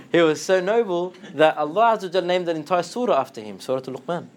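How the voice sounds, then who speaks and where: A man giving an animated Islamic lecture, slipping into Arabic phrases and acting out quotes in a lower voice. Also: fairly quick, a little hiss or hum. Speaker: Islamic teacher. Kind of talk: lively lecture to students.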